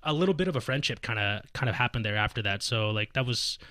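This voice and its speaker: Fast-talking man telling a story. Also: mid-range voice, no room sound, studio quality. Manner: animated retelling, acts out quoted voices loudly, swears freely. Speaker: podcast guest, fighting game player. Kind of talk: casual storytelling chat.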